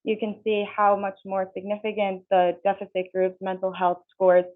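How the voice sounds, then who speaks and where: A woman's voice: medium pitch, monotone, moderate pace. A young woman, a student, giving a research presentation and reading steadily through her methods and figures. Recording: tinny, phone-like sound.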